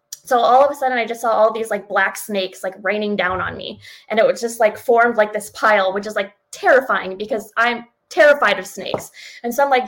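A woman's voice: fairly high pitch, fairly quick, rough recording. Candid, swearing woman telling a story. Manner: candid, swears freely, many fillers. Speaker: podcast guest. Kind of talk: casual storytelling.

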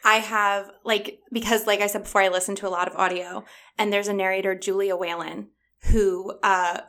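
A woman talking in a chatty, enthusiastic way, breaking into laughter often. She is a children's librarian on a podcast, and her pitch sits in an ordinary middle range. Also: flat delivery, normal speed, a bit bright. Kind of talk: casual podcast chat.

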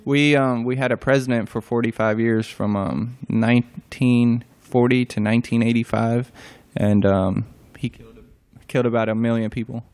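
A young man answering interview questions hesitantly, with many pauses and fillers and short replies. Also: medium pitch, fairly even intonation, darkish tone. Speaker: interview guest.

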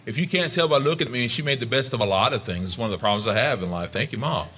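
Middle-aged male pastor, folksy storyteller in the pulpit, bright voice, wide and lively pitch. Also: rapid-fire. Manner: folksy storytelling, rising to excited high pitch. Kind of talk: sermon.

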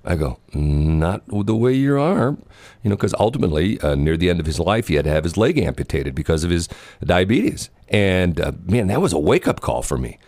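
A man's voice: low voice, big pitch swings, fast, darkish tone, dry recording. A middle-aged man co-hosting a talk show, rambling and joking, often repeating himself as he tells stories. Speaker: radio co-host. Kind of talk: casual banter on air.

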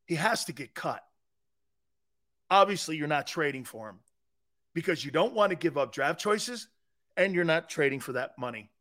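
Animated high-pitched sports talk host. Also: male voice, moderate pace, long pauses. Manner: animated, emphatic, argumentative with chuckles. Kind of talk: opinionated sports radio talk.

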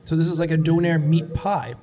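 A man's voice: on the high side, fairly even intonation, a little fast, dark tone. A man from Canada hosting a casual food-review chat, enthusiastic and playful. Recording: clear background noise.

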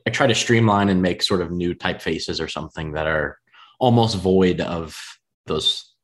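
A deep-voiced man from the American Midwest hosts a relaxed podcast conversation. His talk is laid-back and easygoing, sprinkled with "man" as he muses aloud. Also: moderate pace. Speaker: podcast host, designer. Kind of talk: casual podcast chat.

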